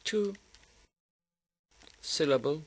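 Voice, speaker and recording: A man who speaks Kurdish natively, teaching English grammar by slowly repeating and drilling word forms. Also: a little high, expressive. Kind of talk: language lesson.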